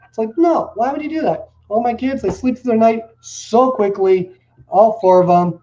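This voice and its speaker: A man's voice: high voice, normal speed, warm tone. A man, a company CEO, talking as an interview guest in a casual storytelling way, full of "like.". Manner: casual, filler "like" everywhere, storytelling. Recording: dull lo-fi audio.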